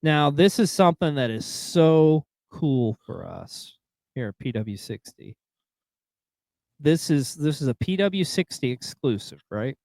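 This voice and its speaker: A man's voice: a little high, sing-song, measured pace, vocal fry, a little mellow, no echo, clean studio sound. A man hosting a casual wrestling recap show, speaking with frequent fillers. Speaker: podcast host.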